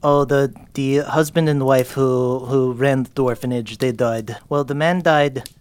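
Casting: man playing a tired teenage dwarf girl caretaker, low, weary, matter-of-fact delivery. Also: steady tone, a little slow, darkish tone, smooth, natural voice.

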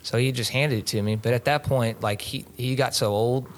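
A man's voice: mid-range voice, steady tone, brisk, slight background noise. Easygoing young man. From Texas. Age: 20s. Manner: rambling, easygoing, lots of filler words. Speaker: podcast guest. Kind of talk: casual interview storytelling.

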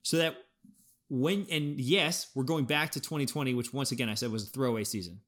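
A man co-hosting a sports podcast, thinking aloud in an animated way with frequent restarts as he breaks down his team's football season. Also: medium pitch, brisk. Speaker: podcast co-host. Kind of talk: casual sports podcast analysis.

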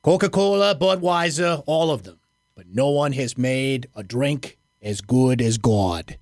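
A man's voice: mid-range voice, unhurried, dry recording, clean studio sound, natural voice. A man voicing a proud old male football coach with a New England accent. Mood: proclaiming.

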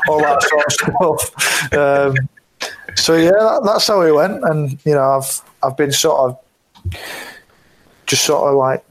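A man's voice: mid-range voice, a little slow, rough recording. A man, a guest telling rambling anecdotes with many fillers and frequent laughter. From England. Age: 20s. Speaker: guest rugby player.

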